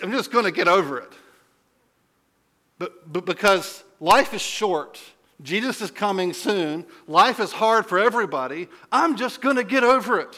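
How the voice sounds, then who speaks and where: A man's voice: sits high, sharp tone. A man preaching a sermon as a pastor, telling stories in a conversational way and asking the listeners questions.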